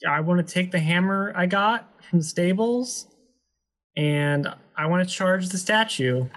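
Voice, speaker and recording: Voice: medium pitch, a little slow, a bit bright. Laid-back tabletop game player. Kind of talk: casual chat during a tabletop game.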